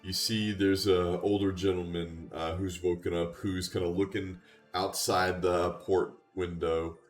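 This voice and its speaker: A very low-voiced man guiding a tabletop roleplay as game master, setting scenes at an easy pace with plenty of "uh"s. His voice rings in a roomy, echoey space with faint music under it. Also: unhurried. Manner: relaxed, with frequent "uh" fillers.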